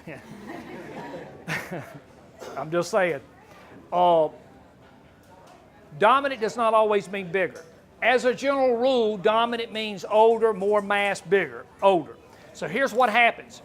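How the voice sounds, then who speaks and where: A man's voice: high-pitched, a bit bright. A man giving a folksy hunting seminar, joking and asking the audience questions. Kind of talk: folksy live seminar talk.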